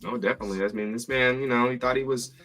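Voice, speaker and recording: A man's voice: mid-range voice, fairly even intonation, rapid-fire, fairly bright tone, faint music behind. A man hosting a podcast, recapping episodes from his notes in a chatty, playful way. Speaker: podcast host.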